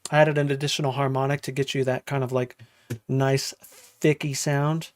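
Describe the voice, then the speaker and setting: Young male producer, loose chatty streamer, middle pitch, dry voice. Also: flat delivery, normal speed, dry recording. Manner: chatty and loose, thinks aloud while working. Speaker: music producer streaming a live session. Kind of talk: casual livestream chat.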